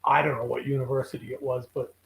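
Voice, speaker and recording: An older man, a regular guest telling animated stories in casual chat and voicing the people in them. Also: medium pitch, fast talker, creaky, low-quality recording. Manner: animated storyteller who voices the people in his stories. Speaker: regular guest on a fishing show.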